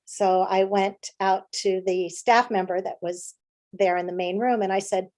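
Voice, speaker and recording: A woman's voice: mid-range voice, fairly even intonation, unhurried, a little mellow. A woman from the United States, a playwright and director giving a conversational presentation, with lots of fillers and restarts. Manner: chatty with frequent fillers and restarts.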